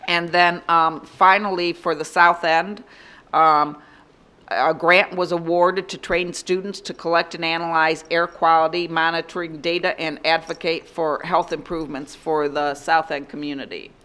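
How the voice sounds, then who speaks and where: A woman trustee giving reports and reading out meeting dates at a school board meeting, in a steady listing cadence. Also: deep voice, normal speed. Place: public boardroom.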